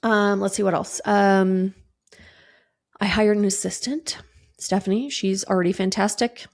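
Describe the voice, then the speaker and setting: A woman's voice: medium pitch, steady tone, unhurried. A woman in her thirties hosting a casual solo podcast, chatting breezily, swearing casually and acting out quoted conversations. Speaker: podcast host.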